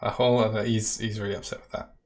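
A man with a British accent, casually talking through a software demo step by step in a live-stream Q&A. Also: lowish voice, little pitch movement, fast talker. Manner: casual, talks through steps while clicking. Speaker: product specialist demoing software.

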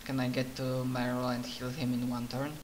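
A man's voice: mid-range voice, monotone, fairly quick. A man playing a healer in a tabletop game, thinking aloud and planning tactics with small restarts. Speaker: player, healer character. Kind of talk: casual tabletop game chat.

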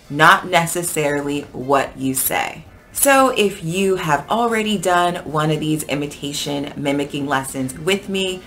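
Low-voiced American woman teaching English. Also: slight background noise. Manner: clear, expressive, lively intonation. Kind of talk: English pronunciation lesson.

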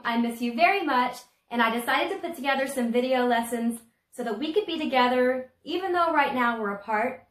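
Southern lady art teacher, kids lesson on a phone cam at home, chatty and friendly, a bit high pitched. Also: a bit bright. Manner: friendly, chatty, explains while drawing. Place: home room. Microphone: phone camera.

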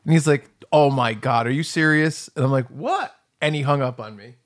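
A man's voice: medium pitch, moderate pace. A man co-hosting a podcast, telling an anecdote with acted-out quotes and giggles. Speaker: podcast co-host. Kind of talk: casual storytelling.

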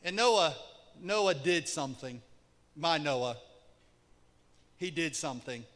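A male pastor preaching a sermon, shouting for emphasis and then dropping very quiet, recorded in an echoey church hall. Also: on the high side, lively intonation, slow. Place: church sanctuary.

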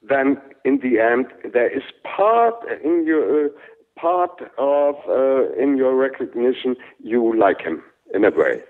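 An older man with a German accent, a German native speaker, speaking haltingly in an interview with many fillers and restarts. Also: mid-range voice, big pitch swings. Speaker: interviewed actor. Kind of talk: casual interview talk. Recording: tinny phone-like sound.

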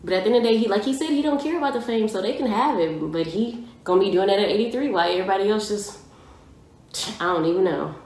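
A young woman reacting to a music video, casual and emphatic, full of slang and excited outbursts. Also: medium pitch, fast talker. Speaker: reaction vlogger. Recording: echoey room.

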